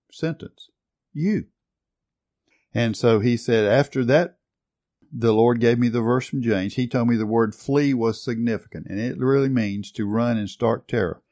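A man's voice: fairly low pitch, darkish tone. A man preaching a sermon, earnestly reading and retelling a testimony with rising emphasis.

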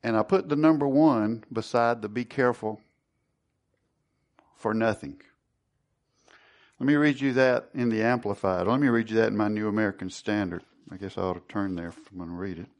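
A man's voice: fairly low pitch, normal speed, long pauses. A man leading a Bible study sermon, earnest and conversational, who often restarts and repeats words. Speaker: Bible teacher.

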